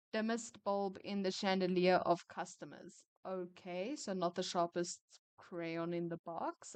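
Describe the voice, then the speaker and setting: Woman storyteller, smooth clear tone, dry close sound, chatty and quick to vent. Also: medium pitch, no echo. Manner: opinionated, chatty, quick to rant. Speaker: storyteller reading retail stories. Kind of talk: casual story reading with commentary.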